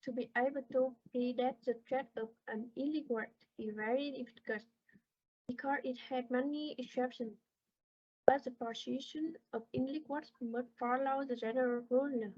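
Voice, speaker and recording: A woman slowly reading a class presentation on word stress, with halting pauses between phrases. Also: high-pitched, steady tone, breathy edge. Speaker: student presenter. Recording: dull lo-fi recording.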